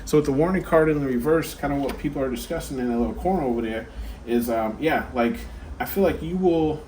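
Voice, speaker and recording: A man's voice: medium pitch, fast talker, darkish tone, slight background noise. A man giving a casual pick-a-card tarot reading, rambling and chatty with lots of fillers and asides.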